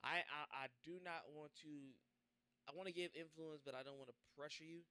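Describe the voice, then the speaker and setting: A man's voice: a little high, fairly even intonation, moderate pace, bright, forceful tone, smooth. A man hosting a podcast, chatting casually and hyping up his guest in slang. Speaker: podcast host. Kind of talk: casual interview chat.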